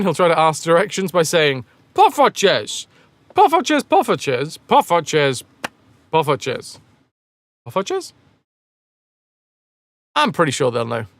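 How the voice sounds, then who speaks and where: A man's voice: fairly high pitch, fairly bright tone, no room sound. A man chatting casually on a game live stream, rambling and joking as he answers chat messages.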